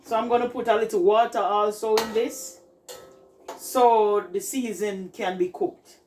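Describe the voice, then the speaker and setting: A woman with a Jamaican accent chats through a casual cooking video in her home kitchen, addressing viewers as "people" and repeatedly telling them to "look at that." Her medium-pitched, darkish voice stays steady and a little slow. The audio is rough, with slight background noise.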